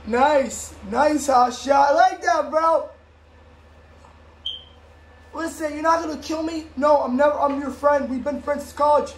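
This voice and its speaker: Woman playing out a toy story, tons of voices, yells now and then, super high pitch, roomy echo. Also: unhurried, pauses often. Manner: switches voices, bursts into shouts. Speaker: home video creator. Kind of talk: improvised toy play voicing several characters. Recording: echoey room with faint background noise.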